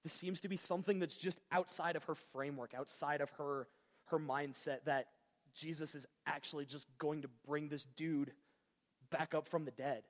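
A man's voice: on the high side, steady tone, moderate pace, big-room sound. A man preaching a sermon in a casual, conversational way with slang. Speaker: pastor.

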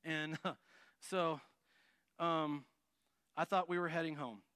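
Smooth-voiced man telling a story. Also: slow, no room sound. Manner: lively narration, acts out quotes, drops to a low murmur for asides. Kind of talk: storytelling testimony.

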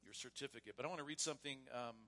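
A man serving as pastor, leading a church membership service in a loose, casual way and then reading vows and creed in a measured voice. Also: mid-range voice. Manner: casual and warm, with frequent restarts; reads liturgy aloud in a measured voice. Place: church sanctuary.

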